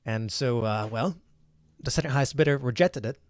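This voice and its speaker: A world-weary male prisoner who speaks in a measured, cautionary way, as a man puts him on. It stays close to an everyday voice in a mid register. The recording is dry and close. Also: mid-range voice, a little mellow, no echo, lightly acted. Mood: grim. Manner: measured, warning, matter-of-fact.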